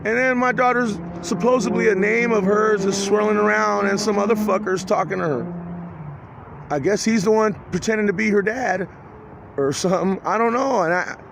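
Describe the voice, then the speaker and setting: A man in his forties talking to camera in a rambling, agitated, profane video monologue, halting and restarting often. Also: high voice, gravelly, background noise. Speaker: vlogger.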